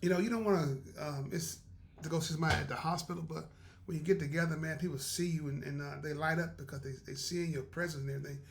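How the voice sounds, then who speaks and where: A man's voice: fairly high pitch, fairly even intonation, fast, vocal fry. A man hosting a podcast, telling a story in a casual, chatty way, often laughing and acting out what people said.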